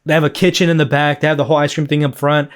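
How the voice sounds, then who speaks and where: A man's voice: a little high, flat delivery, very fast, clean tone. A man hosting a solo podcast in a loose, rambling chat, full of fillers and swearing. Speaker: podcast host.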